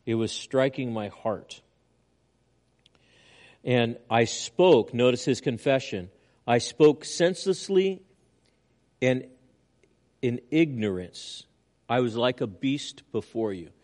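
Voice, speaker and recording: An older man, a pastor preaching a sermon, earnest, with loud emphatic lines and quiet asides, in a mid-pitched voice. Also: slow pace, long pauses.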